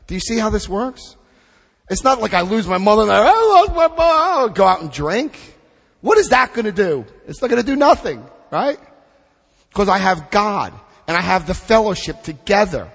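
A middle-aged man leading a recovery group through a book study, speaking with emphatic, drawn-out stresses and asking the room questions. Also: sits high, long reverb tail. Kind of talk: impassioned recovery talk to a group.

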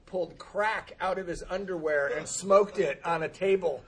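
A man's voice: sits high, moderate pace, fairly bright tone, husky. A man telling a humorous personal recovery story, acting out the dialogue and laughing often at himself. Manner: self-deprecating, laughs often, acts out dialogue. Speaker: speaker sharing a recovery story.

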